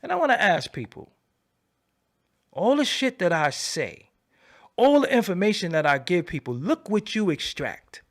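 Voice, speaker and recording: A man hosting a livestream, ranting in a profane, animated, preaching way and repeating his phrases, swinging from low mutters to loud outbursts. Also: moderate pace. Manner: swoops between low mutter and loud high bursts. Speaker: livestream host. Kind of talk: unscripted livestream rant.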